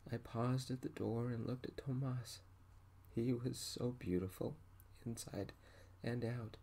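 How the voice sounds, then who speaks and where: A man narrating an audiobook in a soft-spoken ASMR style, with a gentle, intimate, emotional first-person delivery. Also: medium pitch, fairly even intonation, measured pace, vocal fry, slightly rough.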